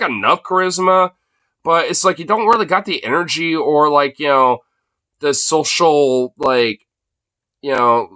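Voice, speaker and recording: A man's voice: mid-range voice, bright, forceful tone, no echo. A man live-streaming his reaction to a broadcast, talking in a crude, rambling, mocking way with lots of slang filler. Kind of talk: casual profane live commentary. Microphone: streaming mic.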